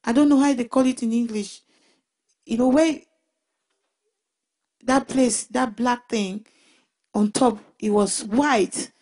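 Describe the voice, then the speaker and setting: A woman giving a personal Christian testimony in an emotional, halting way, often restarting and repeating her words. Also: a little high, fairly even intonation, darkish tone. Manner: emotional retelling.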